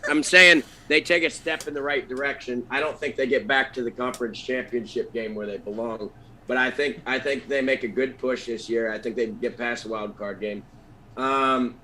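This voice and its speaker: A man's voice: medium pitch, bright, forceful tone, slight background noise. A man with a Pittsburgh accent on a sports podcast, rambling and hesitant with crude language. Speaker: podcast co-host. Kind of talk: casual sports chat.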